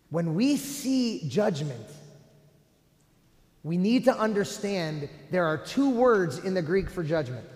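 A man's voice: on the high side, a little mellow. A man, a priest, preaching a sermon with emphatic delivery and rhetorical questions to his congregation. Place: church sanctuary. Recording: roomy church echo with long reverb.

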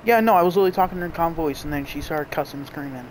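A man's voice: fairly high pitch, racing, a little hiss or hum, poor audio. A young man chatting casually while streaming a game, telling stories in long run-on rambles. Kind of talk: casual chat while gaming.

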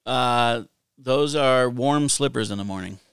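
A man co-hosting a casual podcast who makes joking guesses with a deadpan delivery. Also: mid-range voice, unhurried, vocal fry, clean tone, no echo, clean studio sound. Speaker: podcast co-host.

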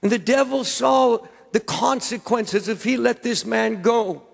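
An older man, a pastor, preaches an impassioned sermon in a large church, repeating words as he presses his points. His voice is extremely high-pitched, gravelly and husky, at a measured pace. The church hall gives the recording a long reverb.

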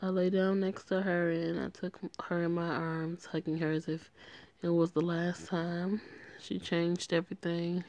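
A woman's voice: on the low side, gravelly, dark tone, no echo, muffled recording. A woman voicing a tender, remorseful young male gang member as she reads a story game aloud in an earnest, emotional way.

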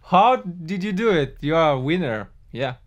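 A man's voice: fairly high pitch, big pitch swings, normal speed. A man from Russia with a Russian accent, chatting in a friendly way with strangers on a video call. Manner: friendly, teaching words, breaks into song. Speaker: musician host. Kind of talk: casual video chat.

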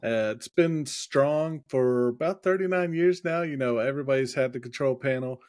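A man's voice: medium pitch, normal speed, a little mellow, no echo. Laid-back guy on a headset mic, podcast chat, lots of ums, dry sound. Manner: easygoing, hedging with "in my opinion" and filler ums. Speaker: podcast co-host. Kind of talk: casual tech podcast chat.

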